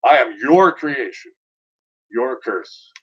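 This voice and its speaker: Man, lowish husky voice, declaiming his own verse, then chatting loosely between poems; dull lo-fi recording. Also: expressive, slow, a bit bright. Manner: dramatic, declaiming recitation. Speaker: poet reading his own work. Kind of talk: poetry reading with chatty asides.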